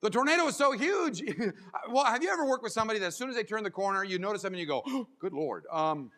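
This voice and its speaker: A man giving a keynote as a motivational speaker, animated and acting out little scenes and voices. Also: sits high, quick pace, in a large hall. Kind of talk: keynote speech. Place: large conference hall.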